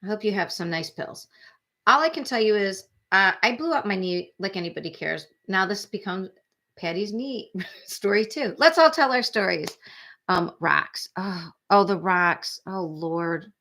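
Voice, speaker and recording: A woman's voice: medium pitch, animated, unhurried, sharp tone. A woman in her forties hosting a true crime livestream, chatting casually and rambling sympathetically as she reads viewer comments.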